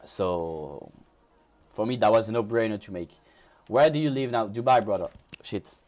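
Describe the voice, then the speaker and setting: At a moderate pace, a man with a lowish, slightly mellow voice and lively intonation chats casually with his crypto trading livestream viewers. He comes from France, speaks French natively with a French accent, and often restarts and repeats his words.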